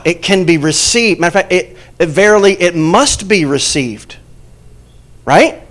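A male pastor preaching a sermon, emphatic, quizzing the congregation and dropping from loud points to soft, quiet asides. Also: sits high.

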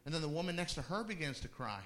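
A man's voice: fairly high pitch, animated, quick pace, fairly bright tone. A middle-aged male pastor telling a personal story in a sermon, conversational, with laughing asides and restarts.

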